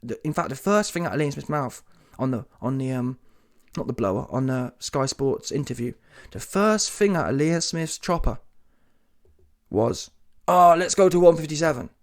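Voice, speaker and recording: A man's voice: medium pitch, lively intonation, moderate pace. A British man, talking solo about boxing in a combative, mocking, slangy rant. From Britain. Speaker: boxing commentator.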